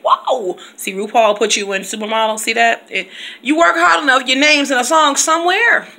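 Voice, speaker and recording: A woman's voice: a little high, animated, a little fast, sharp tone. Chatty, laughing woman teacher vlogging. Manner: chatty and playful, laughs often, drops into song. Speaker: teacher and video blogger. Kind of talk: casual chat to camera. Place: at home, reading from her computer.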